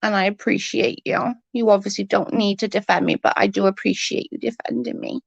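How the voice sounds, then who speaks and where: Hoarse, husky woman with a cold. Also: mid-range voice, level tone, fairly quick, no echo, lo-fi sound. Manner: blunt, swears freely, vents about double standards. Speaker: livestream host. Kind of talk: casual live chat reading comments.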